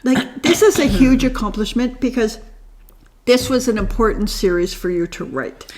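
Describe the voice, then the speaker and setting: A woman's voice: a little high, expressive, normal speed, darkish tone. A middle-aged woman co-hosting a podcast in casual chat, enthusiastic, often restarting her sentences and asking "right?". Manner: enthusiastic, stammers and restarts, ends lines with 'right?'. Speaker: podcast co-host.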